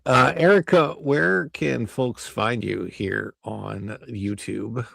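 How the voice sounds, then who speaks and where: A man's voice: mid-range voice, takes it slowly, vocal fry, fairly bright tone, no echo. A man hosting a casual podcast. He reacts with short remarks and asks the guest questions. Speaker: podcast host. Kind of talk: casual chat.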